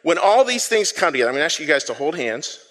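A man preaching an interactive sermon, with a slightly high voice. He is playful and self-deprecating as he calls on the congregation to repeat words after him. His voice rings out in the long reverb of a church sanctuary. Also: sing-song, fast, fairly bright tone. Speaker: pastor. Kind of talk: interactive sermon with audience call-and-response.

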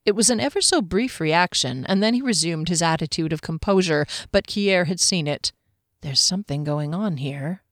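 A woman narrating a fantasy audiobook in a steady, measured storytelling manner. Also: fairly low pitch, dry recording, studio quality. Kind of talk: scripted narration.

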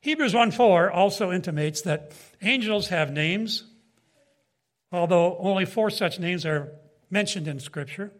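A man's voice: sits high, a little slow. A man preaching a Bible teaching in sermon style, emphatic, with rising and falling delivery and asides to his listeners.

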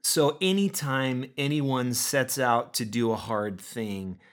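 A man's voice: medium pitch, slow pace. A middle-aged man, hosting his own devotional podcast in an earnest, encouraging way with loose fillers. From United States. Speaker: podcast host. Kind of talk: casual spoken devotional podcast.

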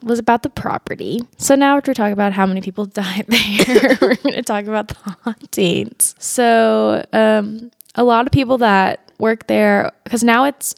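A woman's voice: a little high, steady tone, normal speed, creaky, hardly any pauses, dry recording. Young woman, podcast co-host, casual and chatty, dry close sound, filler-heavy storytelling. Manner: chatty, many "like" fillers, laughs often. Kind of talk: casual chat retelling ghost stories.

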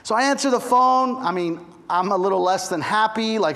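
High-voiced pastor telling a chatty story. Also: male voice, moderate pace. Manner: chatty, animated storytelling with frequent asides to the listeners. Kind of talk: storytelling sermon.

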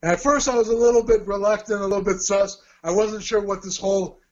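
A higher-pitched man with an Australian accent, telling stories as an interview guest. He acts out the lines of the people in his anecdotes as he goes. The recording is slightly dull and lo-fi. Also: fast. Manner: lively anecdote teller who acts out quoted dialogue. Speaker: interview guest, former event promoter. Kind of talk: storytelling interview.

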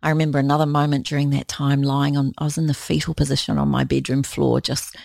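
A woman's voice: extremely low pitch, level tone, fast talker, gravelly, darkish tone, no room sound, clean studio sound. An Australian woman telling candid personal stories as an interview guest, earnest and confiding. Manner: earnest, confiding, acts out quoted voices.

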